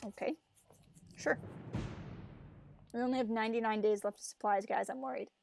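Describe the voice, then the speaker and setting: A woman's voice: on the high side, steady tone, moderate pace, gravelly, slight background noise. A woman on a casual gameplay stream, reading the story text aloud and slipping into playful voices for the characters between chatty asides. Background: faint game music.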